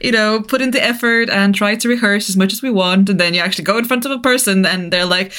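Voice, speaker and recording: A woman with a mid-range, fairly bright voice talks fast with hardly any pauses. She's a podcast co-host in northeast England chatting casually in English, which isn't her first language, laughing often and restarting her sentences.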